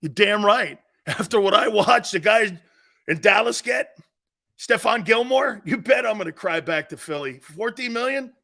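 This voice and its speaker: A man's voice: sits high, animated, normal speed, gravelly, pushed and bright. A man hosting a sports talk show, blunt and brash, trash-talking callers and hammering his points home with a repeated "Okay?".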